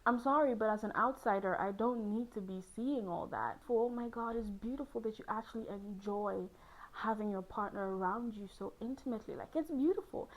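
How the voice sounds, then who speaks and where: A young woman chatting casually to camera as a host, lively and laughing often, jumping into high squealing exclaims. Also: brisk, poor audio. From Ghana.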